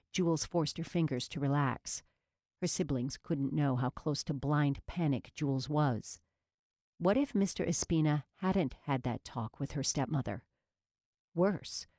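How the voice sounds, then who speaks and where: A woman reads audiobook narration in a steady, measured way. Her voice sits low, and the recording is close and dry with no room sound. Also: no room sound.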